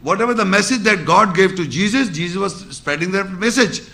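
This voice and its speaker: A man's voice: high voice, expressive, creaky, sharp tone. A man giving an Islamic religious lecture, explaining scripture with repeated phrases and rhetorical questions. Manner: recites Arabic verses quickly.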